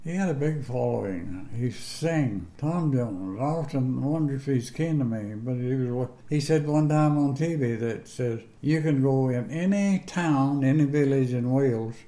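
A man's voice: medium pitch, expressive, unhurried, hardly any pauses, warm tone, echoey room. Elderly man spinning folksy yarns. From northern Georgia, USA. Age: 80s. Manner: rambling folksy storyteller with plain country grammar. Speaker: interviewee. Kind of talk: casual storytelling interview.

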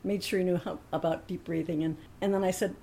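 A woman's voice: lowish voice, fairly even intonation, quick pace, creaky, dark tone, slight background noise. A woman telling a personal anecdote in a chatty way, laughing often and acting out the other people in her story.

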